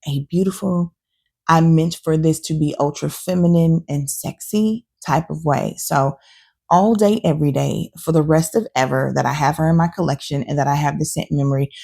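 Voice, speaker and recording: A woman with a low, gravelly voice talks through her perfume collection in a casual, opinionated way. Her tone is dark and mellow, and her delivery is chatty and animated. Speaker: fragrance reviewer and channel host. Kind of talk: casual talking-head review.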